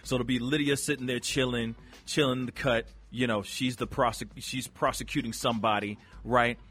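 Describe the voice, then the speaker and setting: A man hosting a radio show, chatting casually and addressing the listeners directly with slangy, animated talk. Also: medium pitch, moderate pace. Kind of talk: casual chat.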